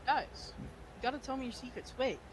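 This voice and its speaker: A player in a tabletop game, playful and joking, with quick asides. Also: high voice, slight background noise, poor audio. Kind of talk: casual tabletop play.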